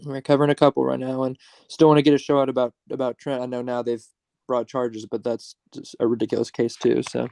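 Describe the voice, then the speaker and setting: A man's voice: mid-range voice, completely flat delivery, quick pace, vocal fry, darkish tone, dry recording. A man appearing as a guest on a livestream, mostly giving short agreeing replies and chatting casually. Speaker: guest, fellow channel host.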